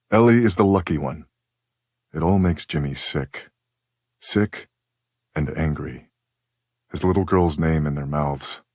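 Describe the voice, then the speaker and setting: A man narrating an audiobook in a measured, steady reading style. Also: sits low, slightly rough, no room sound. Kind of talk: scripted narration.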